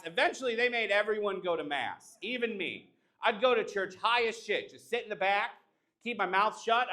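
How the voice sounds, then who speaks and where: A man's voice: high-pitched, pushed and bright. A young man doing a live stand-up set, brash and teasing the crowd. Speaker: stand-up comedian. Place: live comedy show at an art exhibition.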